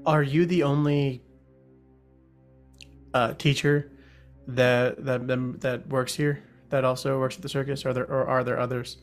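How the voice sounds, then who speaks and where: A man's voice: medium pitch, little pitch movement, unhurried, pauses often, faint music behind. A man hosting a podcast and playing an investigator in a tabletop game, with a playful, hesitant delivery. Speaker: podcast host and player. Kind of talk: in-character tabletop play.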